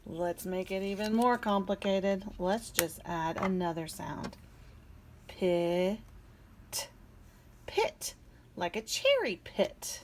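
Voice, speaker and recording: A woman teaching a phonics lesson to young children, sounding out letters clearly and encouraging them. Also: mid-range voice, expressive, unhurried, few pauses, slight background noise, low-quality recording. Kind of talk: early-reading phonics lesson.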